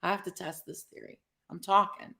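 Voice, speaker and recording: A middle-aged woman co-hosts a casual live stream, reading viewer comments aloud with animated energy and frequent laughter. Her lowish voice is brisk and gravelly.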